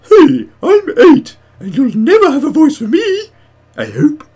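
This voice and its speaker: A cheeky eight-year-old, as a guy puts him on, squeaky and high, drawn out slow and teasing, in a tone unlike the guy's own. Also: huge pitch swings, dark tone, full character voice. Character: cheeky child viewer, eight years old.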